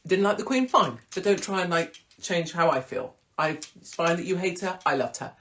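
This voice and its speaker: A woman hosting a casual live-stream chat, irreverent and theatrical, breaking into sudden high exclamations. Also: lively intonation, moderate pace, hardly any pauses, slight background noise. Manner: swings into big high exclamations. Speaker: host.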